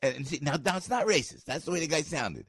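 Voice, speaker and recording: An older man, hosting morning talk radio in a rambling, excitable way, with sudden squeaky jumps in pitch. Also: quick pace, breathy edge, no room sound, studio quality. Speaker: radio morning show host. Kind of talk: animated talk radio monologue. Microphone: studio microphone.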